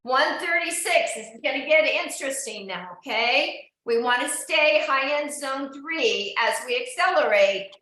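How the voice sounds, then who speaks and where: With a high, sharp, expressive voice, a woman speaks a little slowly and with few pauses while coaching a live online indoor cycling class. She encourages the riders and checks in with each one by name. Her room is very echoey.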